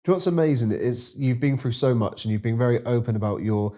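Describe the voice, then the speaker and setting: A man's voice: medium pitch, fast, warm tone. A man hosting an interview, prompting his guest with encouraging questions. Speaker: podcast host. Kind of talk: interview chat.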